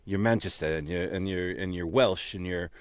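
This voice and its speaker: A man co-hosts a relaxed voice-actor chat, his voice on the low side. He rambles and repeats words while finding his point. The sound is dry and close to the mic. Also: moderate pace, clean tone, dry recording. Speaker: co-host. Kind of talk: casual interview chat.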